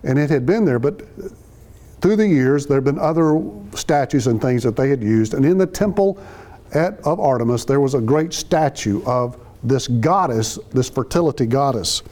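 Mellow-voiced man teaching scripture. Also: mid-range voice, animated, moderate pace. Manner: conversational, explains each phrase, acts out quotes. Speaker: Bible teacher. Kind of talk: verse-by-verse sermon.

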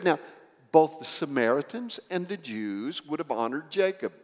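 A man preaching a sermon, explaining a scripture passage in an animated storytelling manner. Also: a little high, moderate pace. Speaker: pastor. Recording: echoey hall with long reverb.

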